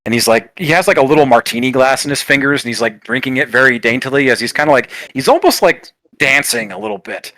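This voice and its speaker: A man's voice: medium pitch, animated, quick pace, creaky, few pauses, pushed and bright, dry recording. A man narrating a tabletop game as game master on an online call, describing scenes at length with many fillers.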